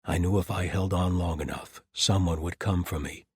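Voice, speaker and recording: Man doing a teasing old-fashioned paladin, deep and husky, dry close sound. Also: normal speed, darkish tone. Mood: wry. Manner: dry, teasing, formal phrasing. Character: male paladin, warm, wry and gallant.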